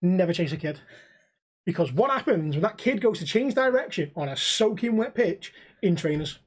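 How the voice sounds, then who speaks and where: A man's voice: high-pitched, lively intonation, moderate pace, breathy edge. A young man, co-hosting a podcast and telling stories in casual chat, swearing freely and acting out the people in them. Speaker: podcast co-host.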